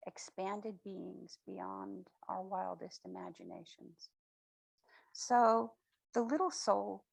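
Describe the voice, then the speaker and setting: Slow, husky woman giving a spiritual talk. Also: mid-range voice, rough recording. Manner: slow, reflective, affirming. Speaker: guest speaker. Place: spiritual center.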